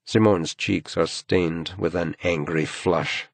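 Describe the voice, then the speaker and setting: A man narrating an audiobook thriller, with an expressive storytelling delivery. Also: sits low, slow pace, vocal fry, hardly any pauses, no room sound. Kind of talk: scripted narration.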